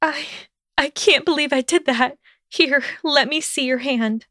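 A woman reading an audiobook and voicing a distraught young witch who stammers and pleads in a high, tearful voice. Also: measured pace, a bit bright, no echo, clean studio sound. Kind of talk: audiobook character voice.

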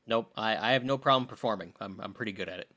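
A man in his thirties co-hosting a podcast, chatting casually and teasing with a joking, animated manner. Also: on the low side, fast, background noise. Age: 30s. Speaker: podcast co-host. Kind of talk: casual chat.

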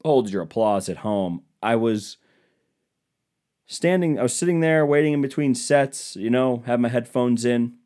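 A man's voice: medium pitch, a little slow, dark tone. A young man hosting a podcast who tells comic stories in a casual, profane, self-deprecating way. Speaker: podcast host. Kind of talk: comedic storytelling monologue.

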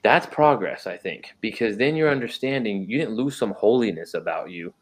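A man's voice: lowish voice, lively intonation, normal speed. A man talking earnestly in a casual faith discussion, restarting sentences and firing off rhetorical questions.

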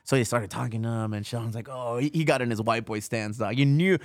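A man's voice: mid-range voice, a little fast, dry recording. A man hosts a podcast in a loose, slangy way, laughing easily and dropping Spanish words. His voice is close and dry, with little room sound. The talk is casual and joking. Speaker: podcast host.

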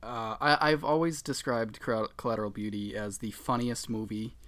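A man's voice: on the low side, fairly even intonation, normal speed, fairly bright tone. A man co-hosting a casual podcast chat, sarcastic and swearing, often breaking into laughter. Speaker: podcast co-host.

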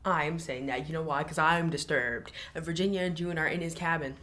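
A woman's voice: deep voice, brisk, a bit bright. A woman co-hosting a podcast, retelling a TV episode's plot step by step in casual chat, with blunt opinionated asides. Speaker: podcast co-host.

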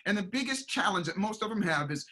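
A middle-aged man speaks in a relaxed interview, a motivational coach with a bright, forceful voice. He pitches a bit high and slips into playful voices for the people and pets in his stories. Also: fast. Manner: animated storyteller, acts out voices in quotes. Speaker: guest, performance coach. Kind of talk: casual motivational interview talk.

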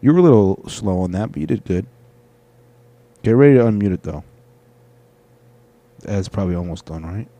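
At normal speed with frequent pauses, a man speaks in a low, mellow voice with lively intonation and no echo. Hosting a casual show reacting to video clips, he rambles, uses profanity, and often starts sentences over.

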